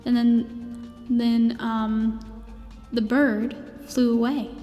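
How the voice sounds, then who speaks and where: A woman voicing a gentle space princess who tells a bedtime story in a meandering way, with fillers and restarts. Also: a little high, flat delivery, drawn-out words, dull audio. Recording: long reverb with faint music.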